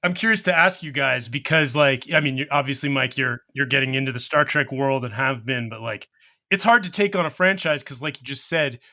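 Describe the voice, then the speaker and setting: A man's voice: mid-range voice, fairly quick, bright, forceful tone. A man hosting a casual chat, asking rambling questions with many fillers. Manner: curious, filler-heavy questions.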